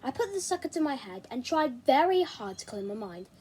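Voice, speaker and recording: A woman reading a children's novel aloud in an expressive, animated way. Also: sits high, a little fast, a little hiss or hum. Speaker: reader.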